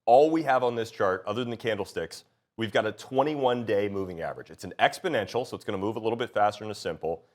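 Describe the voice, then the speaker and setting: A man's voice: lowish voice, fast. A man hosting a studio market talk show, sounding congested and nasal from a cold, upbeat and folksy as he walks through charts. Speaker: show host. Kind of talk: casual market chat.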